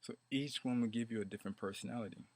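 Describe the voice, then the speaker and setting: A man's voice: medium pitch, racing, a little mellow, no echo. A man talking about meditation in a rambling, repetitive way, now and then chanting mantras. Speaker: meditation teacher. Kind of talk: rambling casual monologue.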